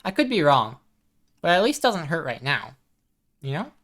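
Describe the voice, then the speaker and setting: A woman streaming a game live, chatting casually and softly, reading chat messages aloud at a desk microphone. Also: sits low, sing-song, normal speed. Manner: chatty, soft-spoken, reads chat aloud.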